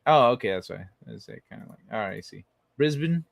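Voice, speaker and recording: A man's voice: lowish voice, animated, fairly quick, gravelly, no echo. A man hosting a livestream in casual, playful, profane chat, laughing often. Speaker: livestream host.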